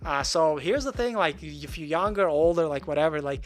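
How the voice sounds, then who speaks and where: A man's voice: on the high side, animated, normal speed. A man in his forties, from Russia, hosting a live stream in a casual, rambling, self-deprecating way. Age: 40s. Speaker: livestream host.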